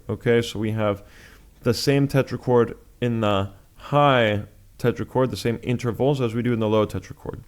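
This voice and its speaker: A man's voice: mid-range voice, clear, resonant tone. A man teaching chant in a music lesson, explaining step by step with patient, plain talk and sung examples.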